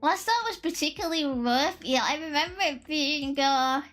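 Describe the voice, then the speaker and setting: A young woman streaming live in casual chat, excitable and giggly, swearing freely as she thinks aloud. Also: high voice, normal speed. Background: faint lo-fi music.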